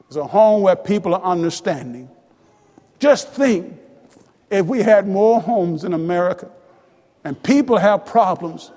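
A man preaching a sermon with fervent repetition that rises to shouts. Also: sits high. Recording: long reverb of a large hall.

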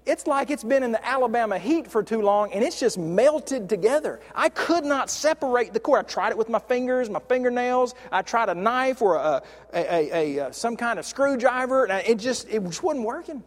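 Male preacher, conversational sermon, restarts, stretches key words; high-pitched, reverberant hall sound. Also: lively intonation. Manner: conversational, with frequent restarts and slow stressed words.

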